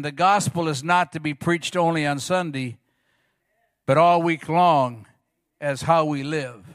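A middle-aged male pastor preaching a sermon, telling stories with animated quoted voices. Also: fairly high pitch, smooth, dry recording, clean studio sound. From Arizona.

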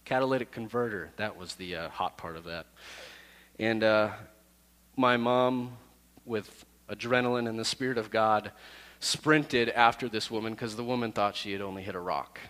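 A man who is a youth pastor, telling a personal story to his youth group in a lively, self-deprecating way. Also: lowish voice, normal speed, big-room sound.

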